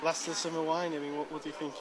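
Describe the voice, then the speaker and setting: A male reporter puts brisk, prompting questions to his interviewee. His voice sits fairly high for a man. The recording is outdoors at a public event, with crowd chatter clearly heard behind him. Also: flat delivery, rough recording.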